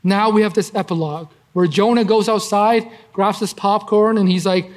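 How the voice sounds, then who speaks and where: A man's voice: high-pitched, steady tone, normal speed, hardly any pauses. A man giving conversational Bible teaching as a preacher, earnest, asking rhetorical questions and often restarting his phrases.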